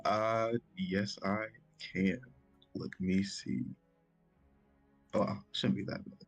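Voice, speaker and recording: A man's voice: on the low side, level tone, takes it slowly, faint music behind. A man playing a tabletop game, chatting casually and eagerly, laughing often. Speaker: player.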